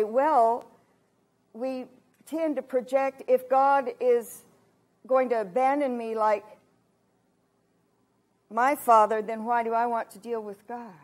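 A woman in her sixties from Kansas giving a heartfelt testimony sermon at a retreat, moving between hushed and emphatic delivery. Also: fairly high pitch. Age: 60s. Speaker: retreat speaker.

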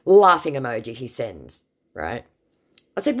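A woman from Australia with a low voice that still moves a lot in pitch. She reads out a chat with a scammer in a dry, mocking, sarcastic way. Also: sing-song, moderate pace, creaky, slightly rough. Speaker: scam-baiting narrator. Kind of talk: narrating text chats.

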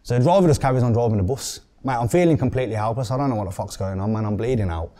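A young man with a Birmingham accent, a podcast guest telling a story in an animated way, swearing often and acting out what people said. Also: mid-range voice, very fast. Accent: Birmingham English. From England.

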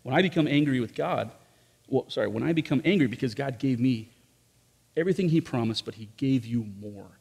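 This pastor's mid-range voice is expressive and brisk, slightly mellow, with vocal fry and a breathy edge. In a large church room with long reverb, he preaches conversationally, asking rhetorical questions and often speaking aside to the congregation.

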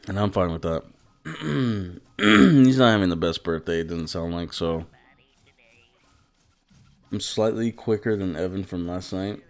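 A man's voice: low-pitched, lively intonation, a little slow, gravelly, pauses often. A young man live-streaming a video game, chatting with viewers between bursts of swearing at the game. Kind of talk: casual live gameplay streaming.

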